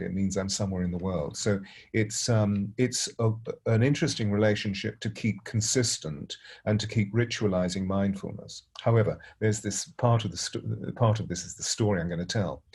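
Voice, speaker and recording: Middle-aged male spiritual teacher, husky, low-ish voice, soft reflective storytelling. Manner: gentle, unhurried, halting with many restarts.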